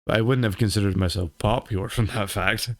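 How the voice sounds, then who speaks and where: A man's voice: lowish voice, fairly even intonation, fairly quick, dry recording, studio quality. A man chatting casually on a podcast, rambling and repeating words as he thinks. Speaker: podcast co-host. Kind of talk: casual chat.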